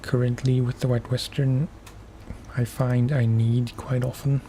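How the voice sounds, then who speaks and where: A man streaming a game for relaxation, talking softly in unhurried, musing asides. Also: mid-range voice, level tone, a little hiss or hum. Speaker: gaming ASMR streamer. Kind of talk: soft-spoken gameplay commentary.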